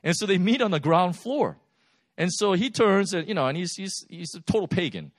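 A man preaching a sermon, telling stories in a lively, animated way with laughs. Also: sits high, normal speed, dry recording, studio quality. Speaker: pastor. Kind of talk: sermon storytelling.

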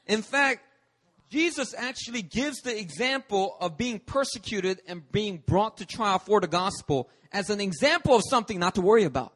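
A man's voice: high voice, lively intonation, moderate pace, fairly bright tone. A man, a pastor, preaching a sermon in an emphatic, storytelling manner at a church service. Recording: long reverb of a church hall.

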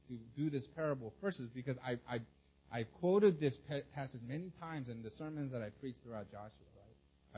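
A man's voice: fairly high pitch, a little mellow, husky. A man preaching a casual sermon, talking conversationally with many fillers and frequent "right?" checks to the congregation. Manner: filler-heavy, conversational, asks "right?" often. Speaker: pastor. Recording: dull lo-fi sound.

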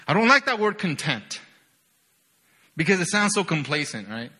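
A young man delivers a sermon in a fairly high, bright, forceful voice. He is full of energy and keeps checking in with "right?". He moves between loud bursts and quiet, low passages. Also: big pitch swings, normal speed, breathy edge. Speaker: preacher.

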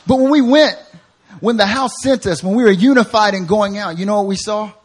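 Husky preacher rising to shouts. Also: male voice, fairly quick. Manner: swings from low storytelling to loud shouted preaching; acts out quoted voices with humor. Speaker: pastor. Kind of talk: sermon.

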